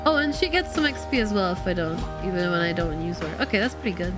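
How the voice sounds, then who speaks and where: A woman streaming a video game, chatting casually and reading the game's dialogue aloud, excitable and quick to laugh. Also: fairly low pitch, over loud music.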